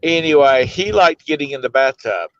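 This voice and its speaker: A man chats in an easygoing way on a video call, drifting through his stories with plenty of pauses and "uh"s. His voice is smooth and clean, and it sounds close and dry. The audio is a bit dull and lo-fi. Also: on the high side, expressive, a bit bright, no room sound. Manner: easygoing storyteller, rambles with "uh" pauses. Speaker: co-host of a daily live show. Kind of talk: casual chat.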